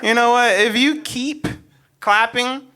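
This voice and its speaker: A young man from Omaha doing a stand-up comedy set, animated and swinging between quiet asides and loud punchlines. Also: very high-pitched, slow, some chatter behind. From North Omaha, Nebraska, USA.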